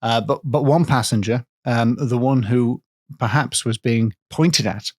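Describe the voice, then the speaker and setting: A man co-hosting a podcast, telling a ghost story in a playful way with filler pauses. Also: mid-range voice, no room sound, studio quality. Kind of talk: comedic storytelling.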